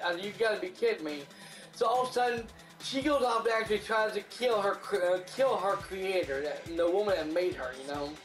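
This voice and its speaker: A movie reviewer recapping a film in casual, profane speech, full of restarts and acted-out character lines. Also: medium pitch. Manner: rambling, profane retelling with many restarts; acts out characters' lines in a raised voice. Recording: roomy echo, faint music behind.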